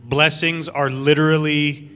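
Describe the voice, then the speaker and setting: Male pastor, clear bright tone, relaxed teaching sermon over soft music, keeps asking "right?". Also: a little high, a little slow. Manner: reflective, repeats phrases, checks in with "right?". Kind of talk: informal sermon at a church dinner gathering.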